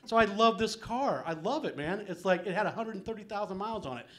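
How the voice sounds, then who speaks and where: A man's voice: high voice, lively intonation, fast talker, a bit bright. A middle-aged man doing a live stand-up set in a small venue, rambling and self-deprecating, dropping "man" and "um" everywhere. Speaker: stand-up comedian.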